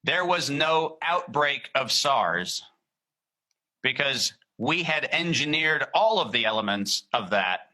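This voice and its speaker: A man answering interview questions in an emphatic, deliberate way, slowing down to read quotations carefully. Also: medium pitch, animated, pushed and bright, poor audio. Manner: emphatic, deliberate, reads quotes slowly. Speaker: guest.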